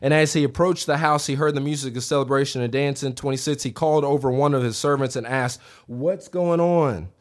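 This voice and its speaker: A man's voice: quick pace, few pauses. A man in his thirties preaching a revival sermon in a church, conversational, with asides to the congregation and a voice that jumps up when he acts out what people say. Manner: animated, voice rising high when acting out quotes. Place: church sanctuary.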